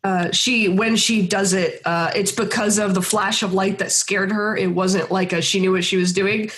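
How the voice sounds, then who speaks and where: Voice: medium pitch, steady tone, moderate pace, a bit bright. A player at a tabletop game, describing her character's actions in a rambling way with many fillers. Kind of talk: casual chat.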